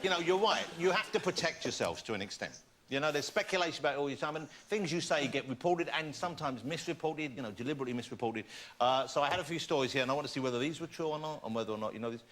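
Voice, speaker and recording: A man hosting a studio chat show, asking quick, jokey questions. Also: fairly high pitch, expressive. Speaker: talk show host. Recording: loud studio audience and noise.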